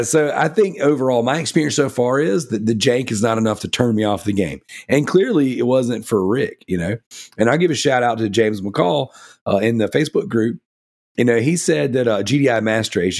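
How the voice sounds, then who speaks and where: A man's voice: medium pitch, animated, a little fast, darkish tone. A man co-hosting a casual gaming podcast, rambling and enthusiastic, with many fillers like "you know" and "like". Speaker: podcast co-host.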